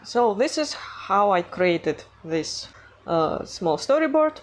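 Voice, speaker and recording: Slow, hesitant woman with a foreign accent. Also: mid-range voice, very animated. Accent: non-native English accent. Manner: hesitant, many fillers, self-conscious giggling. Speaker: animation artist vlogger. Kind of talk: casual vlog narration.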